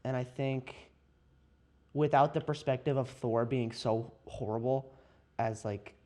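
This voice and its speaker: A young man hosting a podcast, talking about movies in a casual, animated way with frequent laughs. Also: medium pitch, a little slow. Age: young adult. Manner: animated, laughs often, many restarts. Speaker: podcast host. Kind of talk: casual chat.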